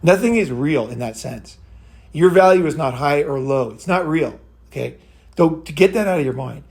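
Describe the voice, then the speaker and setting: A man talks in a loose, unscripted monologue for his own channel, blunt and profane. He circles back on his points, restarts sentences, and keeps checking in with "okay?" His voice sits a little higher than most men's. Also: expressive, moderate pace, gravelly, darkish tone. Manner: rambling and blunt, swears freely, keeps asking "right?" and "okay?". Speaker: channel host giving dating advice. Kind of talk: casual monologue.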